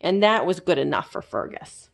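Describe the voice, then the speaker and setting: A woman librarian reading a children's chapter book aloud in an expressive storytelling manner. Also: fairly low pitch, normal speed, gravelly.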